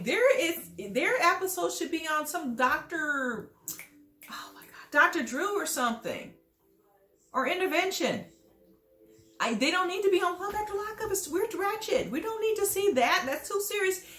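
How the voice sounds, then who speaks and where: A woman with a very high, lively voice delivers a scolding commentary monologue. She talks straight at the people she judges and sounds sassy and blunt. The voice sits in an echoey room. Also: normal speed. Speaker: reality TV commentator.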